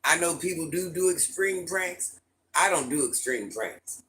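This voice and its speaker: A middle-aged man with a slightly high voice talks casually to his livestream chat. He is animated and repeats himself as he tells a story, restarting phrases again and again. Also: measured pace, low-quality recording. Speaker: livestream host talking to chat viewers.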